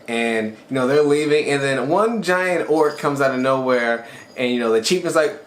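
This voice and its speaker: A man casually recapping an anime episode as a reviewer, telling it loosely and with excitement. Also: mid-range voice, moderate pace. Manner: excited storytelling, loose and conversational. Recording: echoey room with faint background noise.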